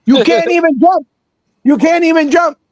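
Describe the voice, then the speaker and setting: A man's voice: very high voice, moderate pace, a little mellow, dry recording, poor audio. A man co-hosting a casual gaming chat, ranting and swearing in exasperation. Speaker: podcast co-host.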